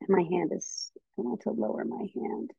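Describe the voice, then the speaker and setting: An American woman giving a lively, chatty talk to teachers and parents over a video call, with frequent ums. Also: medium pitch, moderate pace, gravelly, slightly rough, dry recording. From United States. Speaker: speaker on child development. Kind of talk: casual lecture to teachers and parents. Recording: dull, slightly muffled video call audio.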